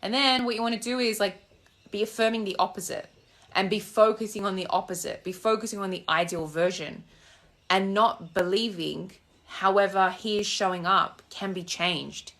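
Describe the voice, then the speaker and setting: Medium in pitch and a little bright, her voice keeps a fairly even intonation at a normal speed. A young woman coaching manifestation chats casually on a live stream while walking outdoors, phone held in hand, sassy and blunt and swearing freely.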